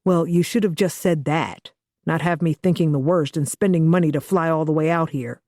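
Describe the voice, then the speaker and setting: A woman's voice: low voice, normal speed, warm tone, dry recording, natural voice. Audiobook: female reader doing a blunt, joking young guy with a foul mouth; dry, close read. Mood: teasing. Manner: profane, teasing, matter-of-fact. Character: blunt joking young man, protective soon-to-be father. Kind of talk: audiobook dialogue reading.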